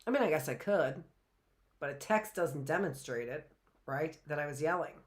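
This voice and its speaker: A woman's voice: low-pitched, animated, moderate pace. A middle-aged woman teaching a live online class in a chatty way, often checking in with "right?" and rhetorical questions.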